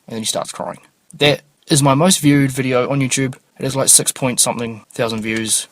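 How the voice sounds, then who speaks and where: A man's voice: mid-range voice, fairly even intonation, moderate pace, a little hiss or hum. Swearing, rambling New man. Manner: rambling, swears freely, offhand. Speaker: podcast host. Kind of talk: casual solo podcast chat.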